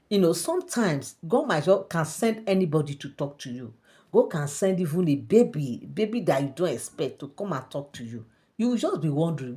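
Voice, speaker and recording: A woman's voice: fairly low pitch, dark tone. A woman casually retelling a story in a chatty, repetitive way, full of "they said" and "eh". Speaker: gossip storyteller.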